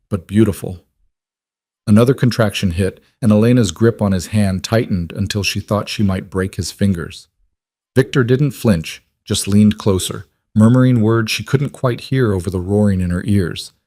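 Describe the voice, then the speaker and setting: A man reading a dramatic story as scripted narration, in an even, measured way. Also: on the low side, no room sound, clean studio sound.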